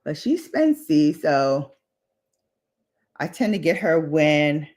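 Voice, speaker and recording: A woman with a deep voice hosts a relaxed makeup livestream. She talks in an unhurried way, reads out comments from her viewers and wanders onto tangents. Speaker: beauty vlogger hosting a livestream. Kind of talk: casual chat while doing makeup.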